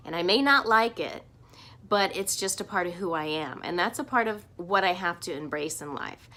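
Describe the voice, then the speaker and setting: A woman's voice: on the low side, bright, forceful tone. A woman talking to camera in a personal vlog, earnest and heartfelt, speaking openly about her feelings. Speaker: vlogger.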